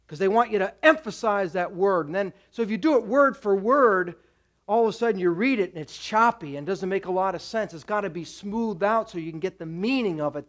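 Male pastor preaching, pretty high voice, keeps hammering home "you gotta" type commands, direct and pushy. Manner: direct, exhorting, repeats urgent commands. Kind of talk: sermon.

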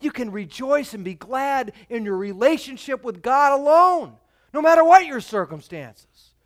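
A male pastor preaching a sermon, reading scripture dramatically and swinging between loud emphatic peaks and quiet, dropped phrases. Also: very high-pitched, expressive, a little slow.

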